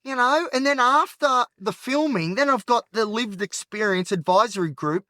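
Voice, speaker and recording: A man's voice: very high-pitched, moderate pace, bright, forceful tone, no echo. Australian male podcast host, agitated, rambling monologue from his car, dry close sound. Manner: rambling and frank, heavy on filler. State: agitated and anxious. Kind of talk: candid solo monologue while driving. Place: inside a car at night.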